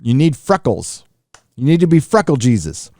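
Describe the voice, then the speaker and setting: A man hosts a live stream and reads out viewer messages in a casual, rambling way. He swears freely and trails off into fillers and restarts. His voice sits at a middle pitch and the sound is dry, with no room echo. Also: very animated, normal speed, mellow. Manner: loose and profane, with many fillers and restarts.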